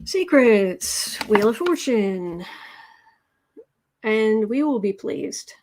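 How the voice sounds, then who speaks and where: A woman's voice: on the high side, very animated, extremely slow, a little mellow. Chatty, sarcastic American woman streamer. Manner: chatty, sarcastic, mocking asides. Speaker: tarot reader livestream host. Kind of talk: casual livestream chat reading viewer comments.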